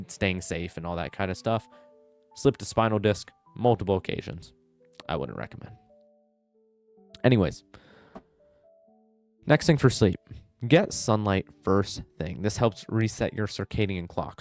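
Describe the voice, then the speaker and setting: A young man with a somewhat low voice talks straight to camera, giving casual fitness tips. He rambles loosely, throwing in "like" and bro slang, with a relaxed, unscripted flow. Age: young adult. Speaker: fitness vlogger. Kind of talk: casual advice monologue.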